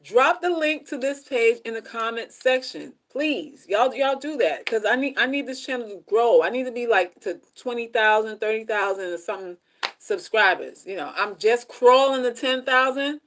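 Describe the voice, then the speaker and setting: With lively intonation and a moderate pace, a woman hosts a casual livestream offering relationship advice. She repeats herself and talks to viewers directly, moving between soft asides and loud, high outbursts, over a little hiss or hum.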